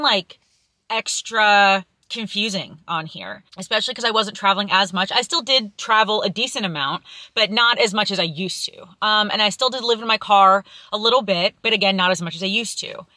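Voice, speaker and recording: A woman's voice: mid-range voice, moderate pace, sharp tone, dry recording, clean studio sound. A young woman talking candidly to camera in a vlog, holding back tears as she rambles with fillers. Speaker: vlogger. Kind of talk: candid confessional vlog talk.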